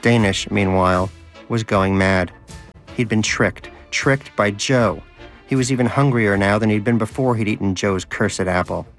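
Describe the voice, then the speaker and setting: A man reading a comic story aloud in a dry, measured narration. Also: lowish voice, faint music behind. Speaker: audiobook narrator.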